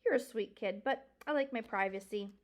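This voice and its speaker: A woman's voice: fairly high pitch, normal speed, natural voice. A woman voicing a blunt, scornful male porcupine who snorts and brushes off fears. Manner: snorting, dismissive, teasing.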